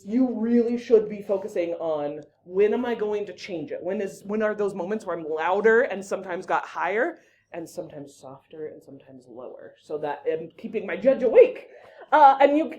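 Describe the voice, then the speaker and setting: Mellow-voiced woman teaching a class. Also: medium pitch, brisk. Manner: lively, chatty, breaks off to direct students. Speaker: debate and public speaking teacher. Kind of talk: casual classroom lesson.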